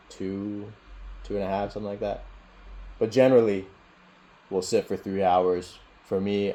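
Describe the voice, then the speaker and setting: A man with a low-pitched voice teaches meditation in a casual video-call Q&A, speaking in a relaxed, meandering way and laughing often.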